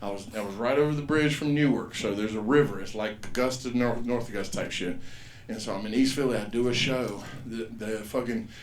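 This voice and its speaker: A man, performing a rambling, profane stand-up set and loudly acting out the people in his stories. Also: fairly low pitch, a little fast, reverberant. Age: 50s. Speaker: stand-up comedian. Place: comedy club stage.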